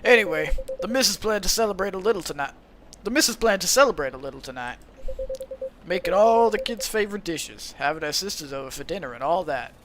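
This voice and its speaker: A man's voice: high voice, animated, fairly quick, noisy background. A man voicing a tired, plain-spoken middle-aged male police officer who is a father. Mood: weary.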